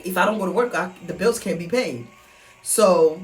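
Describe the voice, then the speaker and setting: Earnest woman with soft music behind. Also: mid-range voice, a little slow. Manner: earnest, repetitive, heartfelt. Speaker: vlogger. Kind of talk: personal motivational monologue. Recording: soft music underneath, mic at a distance.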